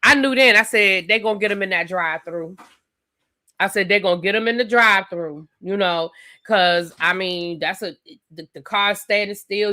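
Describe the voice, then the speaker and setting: A woman hosting a live TV review stream, recapping an episode in a chatty, animated way with lots of fillers and asides. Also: medium pitch. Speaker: TV review channel host.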